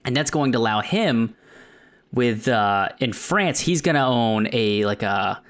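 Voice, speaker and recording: Dude excitedly pitching goofy plot ideas, voice jumps all over. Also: male voice, a little slow. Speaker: podcast co-host. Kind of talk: casual comedic movie discussion.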